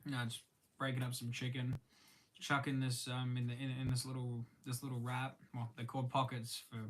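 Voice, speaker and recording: A young man with an Australian accent chatting casually on a live stream while eating lunch, halting often with ums and restarts and greeting viewers by name. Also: mid-range voice, monotone, a little hiss or hum.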